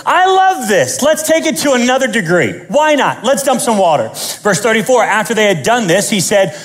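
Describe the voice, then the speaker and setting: A man preaching a sermon as pastor, animated and joking, acting out the scenes he tells. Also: sits high, normal speed.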